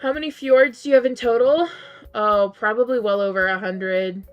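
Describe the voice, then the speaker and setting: Playing a game live, this woman talks loosely with her chat, sounding tired and tense as things go badly for her. Between replies she often shoots up into high-pitched disbelief. She speaks at a moderate, smooth pace on a muffled recording with faint music in the background.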